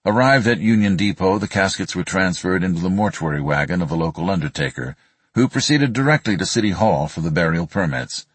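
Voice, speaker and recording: A man narrates nonfiction in a steady, measured reading voice. His voice sits low and has a husky edge. The recording is dry and close, with no room sound. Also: no echo. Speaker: audiobook narrator.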